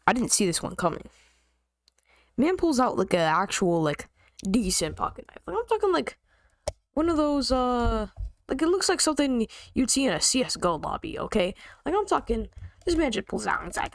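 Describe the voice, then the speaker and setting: A woman vlogger tells a story in slangy, joking chat, her pitch leaping up and down. Her voice has a gravelly edge and sits close and dry to the mic. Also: sing-song, moderate pace, dry recording. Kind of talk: casual storytime.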